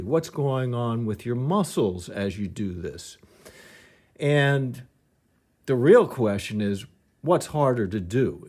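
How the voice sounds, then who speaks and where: Slow, patient male piano teacher. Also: mid-range voice, darkish tone. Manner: patient, explanatory, thinks aloud with restarts. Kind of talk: demonstrating piano technique.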